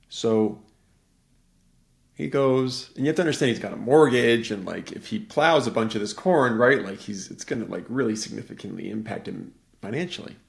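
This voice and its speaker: A man's voice: lowish voice, fairly quick, gravelly. A middle-aged man in casual conversation, telling a rambling story and acting out the voices of the people in it.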